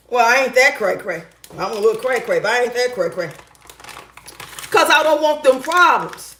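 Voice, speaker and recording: A middle-aged woman in casual storytelling chat, loud, blunt and profane, talking in her home kitchen. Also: on the high side, lively intonation, normal speed, echoey room, a little hiss or hum. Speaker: relationship advice vlogger.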